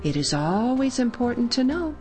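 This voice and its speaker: A woman voicing a calm, wise mother mouse who speaks matter-of-factly. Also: on the high side, moderate pace, faint music behind, pitched above the performer's own voice.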